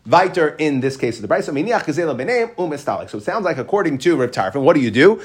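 A man's voice: a little high, very animated, fast. A man teaching a Talmud lesson, explaining step by step, mixing Hebrew and Aramaic terms into English and checking in with "right?".

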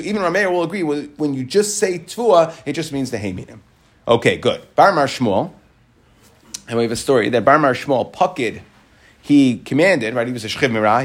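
A man teaching a Talmud lesson, reading Aramaic phrases aloud and explaining them in shifting emphasis. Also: mid-range voice. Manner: reads Aramaic phrases then explains them in English, rising and falling emphasis.

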